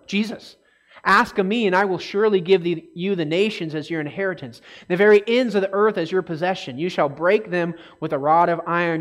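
A man with a high-sitting voice teaches a casual Bible study, speaking conversationally and checking in often with listeners. He becomes animated when reading scripture aloud.

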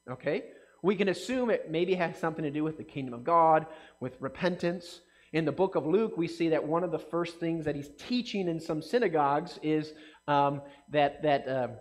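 High-voiced man preaching casually. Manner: conversational, animated, asks the audience questions. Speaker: pastor. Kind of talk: casual sermon.

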